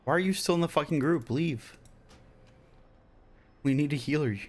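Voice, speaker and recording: A man's voice: fairly high pitch, moderate pace. A young man streaming a game, swearing and laughing in frustration. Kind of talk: live game-stream chat.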